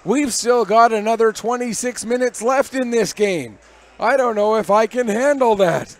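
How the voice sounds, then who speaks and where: A man doing live hockey play-by-play commentary from above the ice, with rapid, energetic calls that rise on big plays. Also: extremely high pitch. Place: arena broadcast position above the ice.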